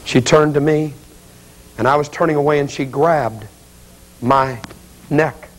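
A man preaches a dramatic revival sermon in an auditorium. He tells the story with acted quotes in a fairly high voice, then climbs into loud, pleading appeals. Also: steady tone, measured pace, low-quality recording. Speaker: evangelist.

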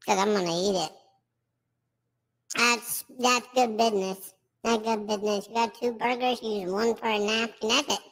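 A man through a creaky high voice filter. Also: fairly even intonation, normal speed, a bit bright. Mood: eating. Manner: swaggering, slangy hype talk while eating. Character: filtered high creaky male voice, brash streetwise eater. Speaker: streamer doing a mukbang.

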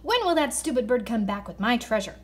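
A woman reads the part of a jealous, greedy man from a storybook. His voice is loud and gruff and sits fairly high. He grumbles and shouts. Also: big pitch swings, a little fast.

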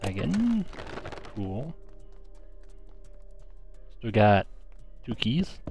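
A man's voice: on the low side, normal speed, a little mellow, soft background music. A man giving casual let's-play commentary, muttering his menu choices half to himself. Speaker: gaming commentator.

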